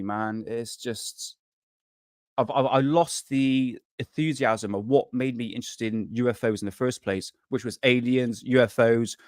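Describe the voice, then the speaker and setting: A man's voice: mid-range voice, no echo, studio quality. A man hosting a casual live stream, rambling and swearing freely, worn out and burnt out, chatting to viewers. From United Kingdom.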